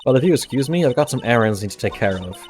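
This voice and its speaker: A man's voice: mid-range voice, expressive, racing, a little mellow, faint music behind, natural voice. A man voicing a breezy, doting woman who teases and calls people pet names. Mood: teasing.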